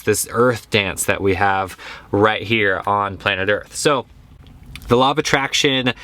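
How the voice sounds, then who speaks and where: A man's voice: medium pitch, a bit bright, dry recording. A young man, a yoga teacher, giving a casual and earnest spiritual talk, repeating phrases for stress.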